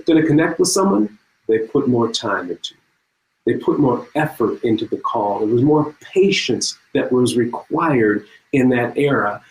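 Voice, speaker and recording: A man's voice: medium pitch, roomy sound, low-quality recording. A middle-aged man giving a conference talk, telling humorous stories and speaking directly to the audience. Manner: humorous, lively storytelling with audience asides.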